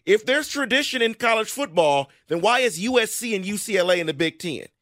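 A man with a high voice argues insistently on a sports talk panel, brushing off the other side's points. The sound is close and dry. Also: animated, brisk, a bit bright, no room sound. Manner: insistent, dismissive. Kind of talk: lively sports debate.

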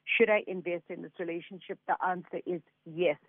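A man with a high voice gives psychic readings on a radio show. He sounds earnest and reassuring and passes messages along in quick runs. The sound is dry and tinny, like a phone line. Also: fairly even intonation, no room sound. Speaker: psychic medium.

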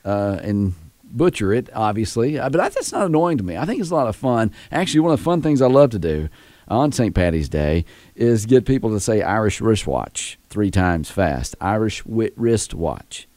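A man's voice: on the low side, very animated, normal speed, a little mellow, no room sound. A middle-aged man hosting a casual show, joking, laughing often and sharing trivia. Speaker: radio show host. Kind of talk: casual morning-show banter.

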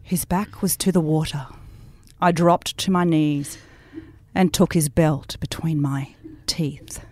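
Cool ruthless heroine, hushed half-whisper, slightly low, very dry sound, woman reading aloud. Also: steady tone, measured pace, no echo. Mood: sultry.

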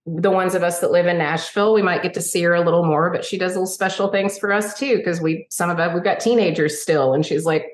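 A woman's voice: on the low side, fast, hardly any pauses. Chatty woman storyteller in a roomy space. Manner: chatty, animated storyteller who acts out dialogue. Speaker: guest, singer-songwriter. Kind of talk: casual interview storytelling. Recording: roomy echo.

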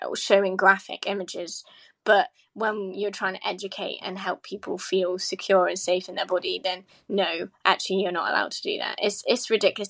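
A woman's voice: mid-range voice, vocal fry. A woman guest on a casual podcast, a sex educator speaking frankly and earnestly, with some hesitant restarts.

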